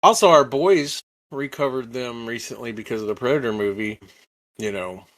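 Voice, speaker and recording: A man's voice: medium pitch, normal speed, fairly bright tone, no echo. Man, podcast co-host, laughs a lot, rambling, dry close sound. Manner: laughs often, rambling restarts. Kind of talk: casual comedy chat.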